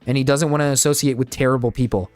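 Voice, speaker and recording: A man's voice: medium pitch, fairly even intonation, quick pace. A man doing reaction commentary, ranting in exasperation and swearing often, talking to his chat like a streamer. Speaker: drama commentator.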